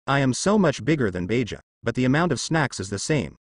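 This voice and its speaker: A big, earnest talking dog from a storybook, a bit silly, as a male narrator reads him. The lines come out animated, with a dry close sound. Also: mid-range voice, fairly quick, no room sound.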